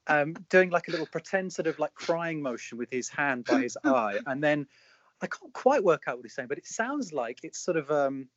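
A man's voice: mid-range voice, no echo. A man with a mid-range voice rambles through a story, full of fillers and restarts and often amused. The sound is dry and close, a bit dull in the top end. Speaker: podcast co-host. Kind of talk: casual storytelling chat.

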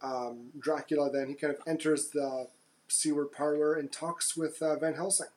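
A man co-hosting a podcast, casually recapping a movie's plot with fillers and quick voiced asides. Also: a little high, steady tone, darkish tone. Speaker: podcast co-host.

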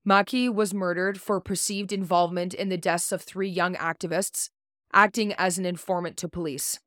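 A woman's voice: lowish voice, steady tone, moderate pace, fairly bright tone, no room sound, studio quality. A woman hosting a podcast, reading a prepared story segment in a blunt way, swearing casually and stumbling over unfamiliar names. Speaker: podcast host.

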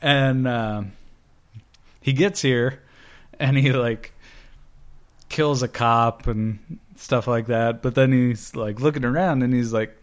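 A man in casual chat, talking slowly and rambling with lots of fillers. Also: medium pitch. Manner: slow, rambling, many fillers. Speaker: guest. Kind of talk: casual chat about comic books.

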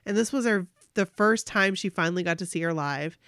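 A woman co-hosting a podcast, reading a fan's story aloud in an animated way. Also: lowish voice, fairly quick, clean tone, dry recording, studio quality.

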